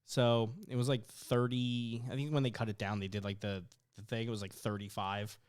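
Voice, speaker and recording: In a clean-toned, lowish voice at normal speed, a young man co-hosting a podcast tells stories in easygoing chat. He swears a lot and animatedly acts out people's quotes.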